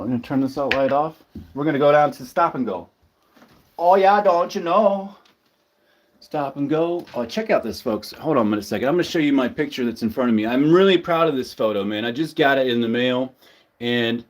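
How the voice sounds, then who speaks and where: A man hosting a casual livestream, rambling loosely with lots of fillers and swearing. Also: medium pitch. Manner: loose, profane, filler-heavy. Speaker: livestream host.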